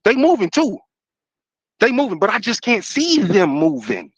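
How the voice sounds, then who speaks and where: A man's voice: sits high, very animated, moderate pace, breathy edge, no echo. A man in a heated casual debate, slangy and emphatic, calling others bro.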